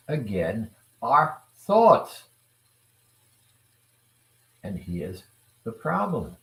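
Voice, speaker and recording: A self-improvement speaker with a mid-range voice gives a motivational talk to viewers, speaking deliberately and repeating phrases. He often poses rhetorical questions to the audience, and the recording has a roomy echo.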